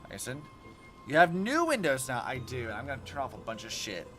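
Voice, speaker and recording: A man's voice: mid-range voice, fast talker, faint music behind. A young man streaming a game, chatting casually and swearing freely as he reacts. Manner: animated, profane, talks to chat while playing. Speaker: vtuber streamer. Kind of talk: casual gaming livestream chat.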